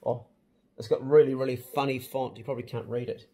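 A middle-aged man with a New Zealand accent, hosting a casual vlog and chatting excitedly with plenty of mild swearing. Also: mid-range voice, fairly quick. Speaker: channel host.

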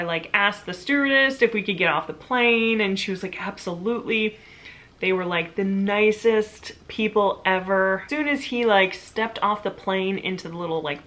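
A woman in her thirties, a mother casually recounting a story in her vlog, chatty and full of "like". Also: mid-range voice. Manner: chatty, lots of "like", animated retelling. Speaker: vlogger, mother.

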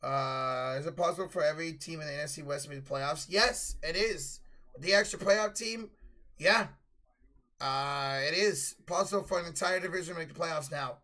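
A man with a notably high voice runs a live play-by-play stream, calling each possession and rising to loud calls on big plays. Between plays he relaxes into loose, profanity-laced chat with his viewers. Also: normal speed. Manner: casual, swears freely, answers chat.

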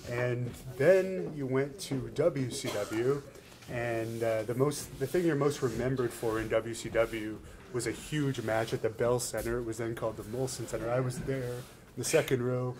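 A man interviewing a retired wrestler, calmly recapping facts from his career. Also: mid-range voice, moderate pace. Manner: calm, recaps facts for the guest. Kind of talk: shoot interview questions.

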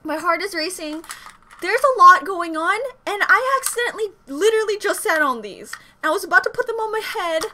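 Young woman, high voice, flustered, rambling, casual reaction vlog at home. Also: bright, forceful tone, slight background noise. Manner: flustered, rambling, frequent restarts. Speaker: K-pop reaction vlogger. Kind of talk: excited casual vlog chat. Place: home room.

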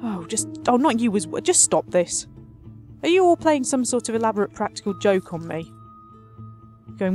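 A woman's voice: mid-range voice, lively intonation, measured pace, darkish tone. Lady grumbling through a city builder, sarcastic and chatty, bit of music under it. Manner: chatty, sarcastic, talks back to the game. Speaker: let's play host. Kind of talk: casual gameplay commentary.

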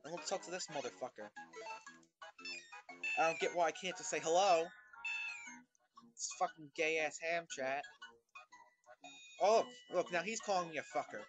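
A man commentating over his own gameplay, ranting in constant profane exasperation at a slow game. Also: on the high side, rough recording. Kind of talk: let's play commentary. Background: video game music.

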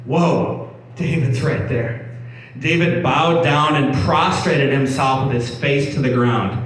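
A pastor with a medium-pitched voice reads and explains scripture in a church hall. His preaching is conversational, with frequent restarts and repeated words, and the echoey room, distant mic and faint background hum shape the sound.

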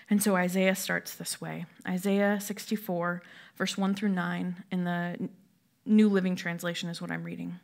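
A woman's voice: on the low side, little pitch movement, normal speed, vocal fry. A woman pastor preaching a sermon in a conversational way, often asking the listeners questions. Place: church.

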